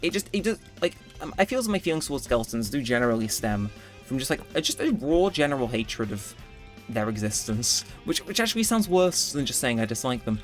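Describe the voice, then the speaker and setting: This man's medium-pitched voice is sing-song and a little fast as he plays a game and offers loose, rambling commentary, often correcting himself. He's a gaming YouTuber, and faint background music plays.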